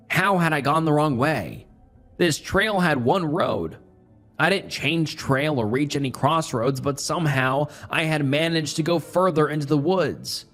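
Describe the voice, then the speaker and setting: A man narrating a first-person horror story in a tense, dramatic way, dropping low and quiet for asides. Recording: faint music bed behind the voice. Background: faint background music.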